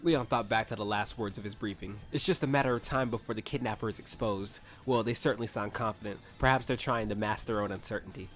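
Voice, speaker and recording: Male reader, lowish voice, casual read-along with sarcastic swearing asides; faint background music. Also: fast, few pauses, fairly bright tone. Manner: sarcastic asides, swears, stumbles over words. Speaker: YouTuber reading fanfiction aloud. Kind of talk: casual reading with commentary.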